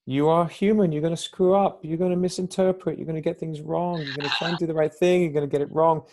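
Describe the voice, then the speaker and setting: Mellow-voiced man talking things through. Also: a little high, steady tone, fast. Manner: reflective, explains ideas at length, acts out little quoted exchanges. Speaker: podcast guest. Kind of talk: conversational podcast talk.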